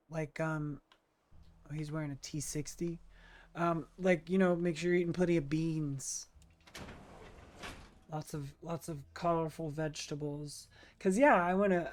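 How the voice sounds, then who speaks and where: A streamer chatting casually while playing a video game, answering chat with lots of fillers. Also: medium pitch.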